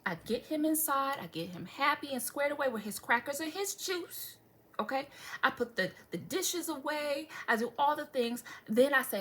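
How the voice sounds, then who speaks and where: A woman's voice: high-pitched, expressive, normal speed, a bit bright. A young adult woman vlogger telling a story in casual chat, dramatic and sarcastic, swearing freely and asking viewers asides. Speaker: beauty vlogger.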